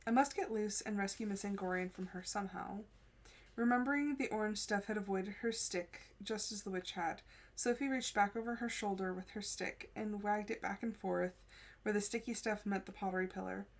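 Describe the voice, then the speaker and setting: Woman reading a novel aloud. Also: medium pitch. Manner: reads steadily, breaks off to chat and laugh. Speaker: book-cast host reading aloud.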